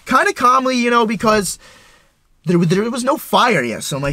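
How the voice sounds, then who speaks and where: A young man vlogging, retelling a story in an excitable, profane way with lots of stumbles and restarts. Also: extremely high pitch, normal speed, no echo. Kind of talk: casual storytelling.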